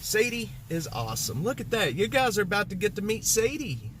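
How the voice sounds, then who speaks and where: A livestream host broadcasts from beside his broken-down car in the cold, chatting casually, joking with viewers and sounding exasperated. His high voice is very animated and fairly quick, with background noise in the recording.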